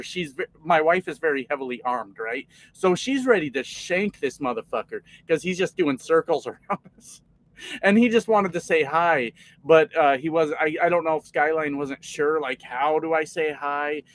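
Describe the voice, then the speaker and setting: A man's voice: a little high, low-quality recording. A man around forty, a trucker chatting casually on his live stream, reading out comments and telling long, profane, rambling stories.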